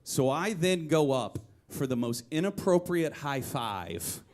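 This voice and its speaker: A man performing a comedic one-man show live on stage. He tells self-deprecating stories in an animated way and builds up to loud punchlines. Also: a little high, takes it slowly, background noise. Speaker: comedic storyteller.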